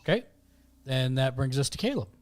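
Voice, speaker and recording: Man calmly narrating as game master. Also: mid-range voice, a little fast, dry recording. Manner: steady descriptive narration with fillers. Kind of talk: narrating a tabletop game online.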